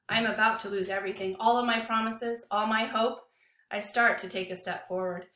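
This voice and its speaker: A woman teacher reading a novel aloud to her class with an expressive, dramatic delivery. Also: medium pitch, normal speed, reverberant.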